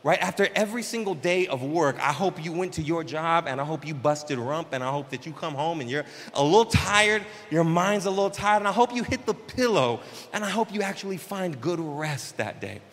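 A man preaching a casual, conversational sermon as pastor, with slangy, animated asides. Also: fairly high pitch, brisk, in a large hall. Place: church sanctuary.

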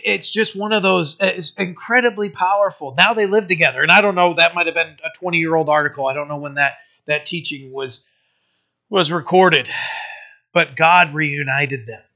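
A man preaching a sermon, telling a story in a halting way with many restarts, then growing emphatic. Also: high-pitched, gravelly, pushed and bright. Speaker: pastor. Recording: dull lo-fi sermon recording.

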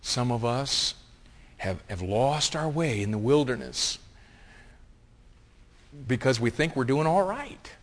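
A man preaching a sermon as pastor, swinging from hushed asides to loud, impassioned reading. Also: mid-range voice, lively intonation, slow, pauses often. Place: church sanctuary. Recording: long reverb of a large hall.

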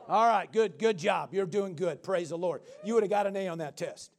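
In a high-pitched, creaky voice, this middle-aged preacher speaks fairly quickly with few pauses. He's animated, firing questions at the congregation and answering them himself with shouts and laughter.

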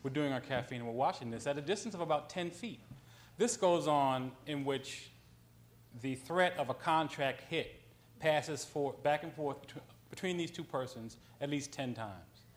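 A man's voice: fairly high pitch, moderate pace. A man on a panel, a writer, telling an anecdote in a conversational way, with frequent ums and self-corrections.

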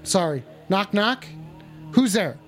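Man, high voice, brash and profane, mock call-in host, faint music behind. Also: big pitch swings, takes it slowly. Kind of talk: crude comedic streaming banter.

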